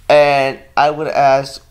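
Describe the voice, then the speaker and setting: A man with a smooth, medium-pitched voice chats casually with his viewers in a home vlog. He rambles sleepily and yawns, with lots of ums and restarts as he goes.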